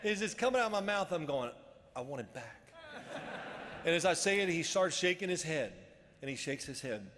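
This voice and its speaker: A man in his fifties giving a storytelling speech at a luncheon, animated and acting out quoted dialogue. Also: high-pitched, fast talker, long reverb tail. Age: 50s. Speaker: after-dinner speaker. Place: banquet hall.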